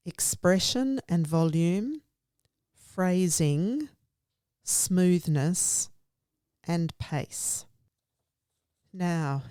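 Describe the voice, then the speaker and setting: A woman's voice: fairly low pitch, mellow, no room sound. A woman guest speaker explaining literacy teaching in an earnest, emphatic way, often in lists. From Australia. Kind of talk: conversational explanation.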